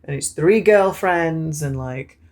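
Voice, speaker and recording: A man's voice: a little high, slow pace, a little mellow. A young man with a British accent, recapping a film in a sassy, camp, swearing manner. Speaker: film reviewer. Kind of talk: casual movie recap.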